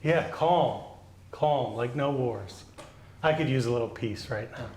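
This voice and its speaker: A male pastor giving a children's sermon, gently asking the children questions and answering them. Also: medium pitch, a little slow, heavy background noise. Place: church sanctuary. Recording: echoey church.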